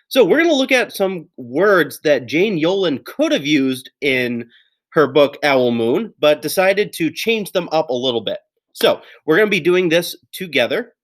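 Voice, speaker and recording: A man's voice: on the high side, a bit bright. A male teacher giving a recorded writing lesson to second graders, upbeat and encouraging with playful exclamations. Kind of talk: recorded lesson for young children.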